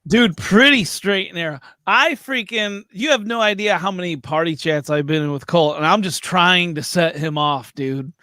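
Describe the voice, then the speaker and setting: A man's voice: sits high, normal speed, hardly any pauses, pushed and bright, no room sound, studio quality. A man co-hosting a casual gaming podcast, laughing and swearing casually. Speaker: podcast co-host.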